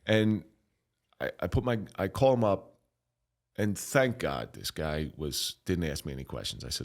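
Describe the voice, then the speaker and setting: A man's voice: sits low, big pitch swings. A middle-aged man telling his own story as a podcast guest, candid and emotional, stopping and restarting often and swearing bluntly. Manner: halting, emotional, frequent restarts.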